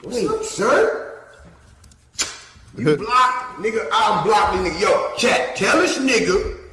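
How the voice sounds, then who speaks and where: A man in his forties teasing his son and shouting with profanity during casual livestream banter. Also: sits high, lively intonation, takes it slowly. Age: 40s. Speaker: father on a livestream. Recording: echoey hall with faint noise.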